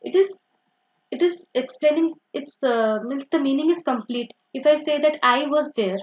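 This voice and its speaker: Young teacher lady, high bouncy voice, keeps saying okay, kinda muffled recording. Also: normal speed. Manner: repetitive, uses "okay" and "so" often, self-correcting. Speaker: English grammar teacher. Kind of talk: explanatory teaching. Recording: dull lo-fi recording.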